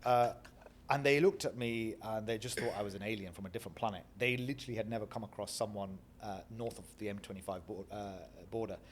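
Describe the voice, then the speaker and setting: A man's voice: lowish voice, fast talker, slight background noise. Bradford-accented man telling stories. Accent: Northern English (Bradford). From Bradford, England. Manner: animated anecdotes, acts out quoted voices. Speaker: guest. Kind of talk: reflective storytelling interview.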